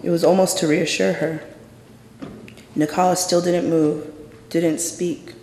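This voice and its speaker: A man performing a dramatic personal story on a theater stage, in a measured, intense way with deliberate pauses. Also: fairly high pitch, level tone, a little mellow, a little hiss or hum. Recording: echoey hall with long reverb.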